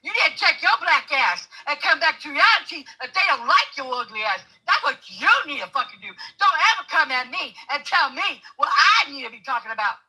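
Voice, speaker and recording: A woman ranting loudly in a heated argument, cursing constantly and laughing between insults. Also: high-pitched, sing-song, a little fast, few pauses, low-quality recording. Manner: laughs mid-tirade. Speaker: guest debating the host. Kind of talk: heated profane argument on a live stream.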